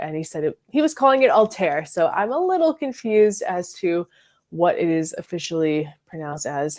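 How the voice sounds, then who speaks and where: A woman's voice: low-pitched, a little mellow. Chatty woman hosting a fragrance livestream. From Florida. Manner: chatty, reads and answers live chat, frequent likes and ums. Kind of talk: casual livestream chat.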